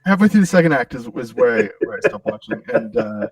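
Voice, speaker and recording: Young man, game player, swings up and down in pitch, dry close mic, profane banter. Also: fast, vocal fry, slightly rough, no room sound. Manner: animated, profane, joking. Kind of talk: casual pre-show chat.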